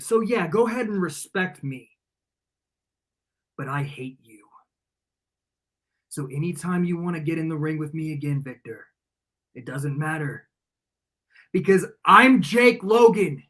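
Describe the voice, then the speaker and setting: A man cutting a wrestling promo as champion, smug and taunting, sometimes dropping to a low, menacing tone.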